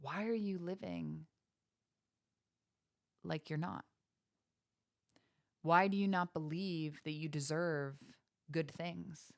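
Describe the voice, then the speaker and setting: A woman's voice: low-pitched, slow pace, gravelly, long pauses. A woman hosting a podcast, giving earnest, preachy motivational talk with faith references and many rhetorical questions. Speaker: podcast host.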